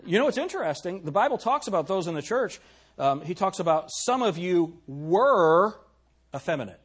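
With a high-pitched, very animated and slightly rough voice, this pastor preaches forcefully at a moderate pace. He poses questions to his congregation and reads scripture aloud using archaic phrasing.

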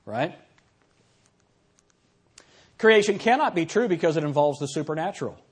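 A man teaching a class in a lively, conversational lecture. His voice sits a little above the usual pitch for a man and swings widely as he reads examples and asks the room questions. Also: normal speed, slightly rough.

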